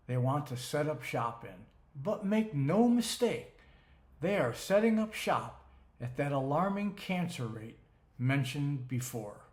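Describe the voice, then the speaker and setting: Emphatic slow-talking man narrating. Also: a little high. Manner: emphatic, rhetorical. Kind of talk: scripted narration. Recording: roomy echo.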